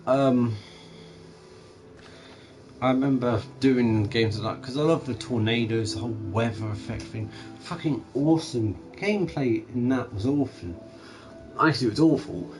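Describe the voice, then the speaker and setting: A young man chatting casually and profanely about video games, rambling and animated. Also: mid-range voice, rough recording. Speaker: gaming channel streamer.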